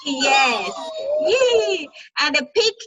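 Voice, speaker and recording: A woman's voice: very high-pitched, sing-song, very slow, shouting, highs cut off, very noisy. A woman whose first language is Spanish, teaching an online class to children over a video call. She repeats words patiently, coaxes the kids and mimics animal sounds. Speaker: English teacher.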